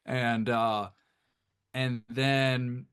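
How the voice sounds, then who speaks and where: Man from Detroit, mid pitch, podcast band guest, loose animated anecdote-teller who restarts sentences constantly. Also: very slow, clear, resonant tone. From Detroit, USA. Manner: rambling, animated, frequent restarts. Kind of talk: casual storytelling anecdote.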